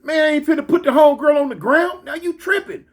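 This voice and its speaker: A woman's voice: high-pitched, lively intonation, very slow, mellow, voice pushed up, full character voice. A man voicing an indignant young woman who scolds a friend and refuses to back down. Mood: scolding. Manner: scolding, insistent.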